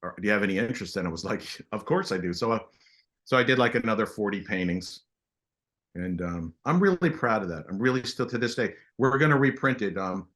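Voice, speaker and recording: A middle-aged man with a fairly low voice tells stories as an interview guest. He talks in an animated way, stopping and restarting his sentences as he goes. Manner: animated, halting storyteller with many restarts. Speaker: guest artist. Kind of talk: casual interview storytelling.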